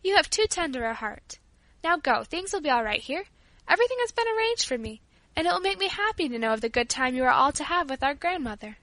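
A woman voicing a gentle invalid older sister who soothes and reassures in a storybook reading. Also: sits high, very animated, fast, no echo, heavily acted. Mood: reassuring.

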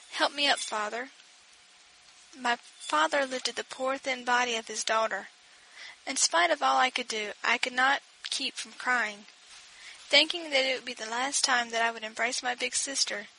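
A woman reading a story aloud with a gentle, expressive delivery. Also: a little high, slight background noise, rough recording. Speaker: audiobook narrator. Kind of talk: scripted narration.

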